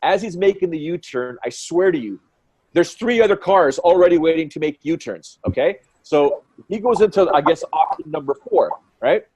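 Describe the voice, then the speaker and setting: A man in his forties, a fight commentator guest, telling stories in an excitable, quick way and acting out what people said. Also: fairly high pitch, slightly rough. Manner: excitable, quick storyteller who acts out quotes. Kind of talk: animated storytelling in conversation.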